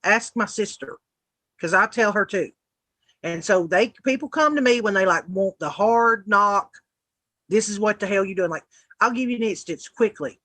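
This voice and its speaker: A woman's voice: medium pitch, moderate pace, fairly bright tone, no echo. A woman co-hosting a casual livestream roundtable, blunt and profane, ranting and joking. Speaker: livestream co-host.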